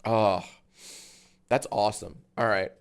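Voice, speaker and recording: A man in his thirties chatting casually on a live stream, swearing freely and breaking into high laughter. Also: fairly even intonation, slow, gravelly, clear, resonant tone.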